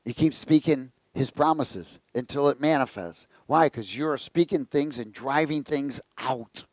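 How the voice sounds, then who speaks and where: A man's voice: medium pitch, unhurried, no room sound. A man preaching a conversational sermon, telling jokes and asking the congregation questions. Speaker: pastor.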